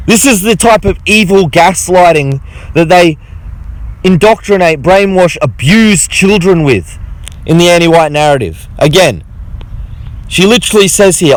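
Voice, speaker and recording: A man's voice: high-pitched, lively intonation, a little slow, poor audio. A man delivering an angry, profane monologue to his audience. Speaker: vlogger. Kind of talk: monologue to camera.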